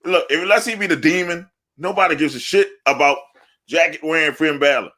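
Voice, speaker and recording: A man's voice: on the high side, a little fast, bright, forceful tone. A man co-hosting a wrestling podcast, talking loosely, cursing and laughing often. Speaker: podcast co-host. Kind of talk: casual wrestling chat.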